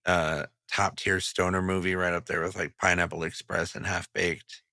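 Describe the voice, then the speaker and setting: A man's voice: deep voice, little pitch movement, normal speed, gravelly, pushed and bright, dry recording, studio quality. A man co-hosting a podcast in casual chat, loose and joking, swearing freely. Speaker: podcast co-host.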